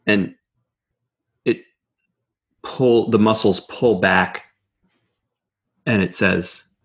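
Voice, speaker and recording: A man running a tabletop horror game as game master, narrating in a measured way with frequent fillers. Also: sits low, steady tone, vocal fry.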